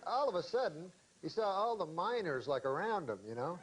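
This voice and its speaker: A man telling a long comic story in conversation, deadpan and meandering, with many hesitations, in a noisy recording. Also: high voice, fairly quick. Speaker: comedian.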